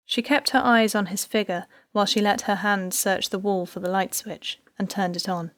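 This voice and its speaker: A woman's voice: mid-range voice, no echo. Woman narrating an audiobook, dry close sound. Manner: even, measured storytelling. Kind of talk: scripted narration.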